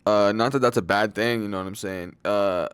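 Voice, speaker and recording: A man's voice: on the low side, fairly even intonation, normal speed, fairly bright tone, clean tone, dry recording. Young man rambling casual fight picks. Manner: loose and slangy, full of fillers and swearing. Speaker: MMA fight predictions channel host.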